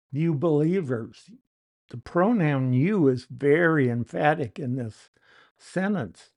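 A male Bible teacher works through scripture at an unhurried, measured pace. His voice sits a little high for a man, and he lands firmly on the words he wants to stress. He explains each verse step by step like a classroom lecture. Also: a little mellow. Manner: deliberate, explanatory, emphatic on key words.

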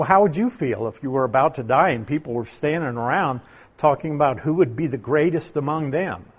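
A man preaching a sermon, teaching through a Bible passage in a slow, deliberate way with emphatic stresses. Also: medium pitch, breathy edge. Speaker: pastor.

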